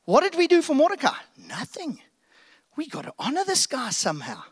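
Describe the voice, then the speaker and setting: A man's voice: very high-pitched, huge pitch swings, fairly quick, voice pushed up, full character voice. A preacher putting on the voice of a boisterous, bossy ancient king who barks jovial commands. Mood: chummy. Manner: loud, jovial, abrupt commands.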